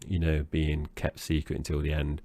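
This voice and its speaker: A man's voice: very deep voice, monotone, moderate pace, dark tone, no echo. A man co-hosting a podcast, chatting about a film in a rambling, hesitant way. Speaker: podcast co-host. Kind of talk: casual film-review chat.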